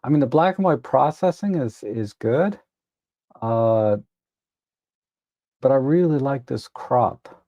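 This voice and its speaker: Tired and admitting to yawns, this gravelly male host rambles through casual commentary on his photo editing livestream, often restarting to correct himself. His mid-range voice moves slowly with long pauses, and the audio is dull but free of echo.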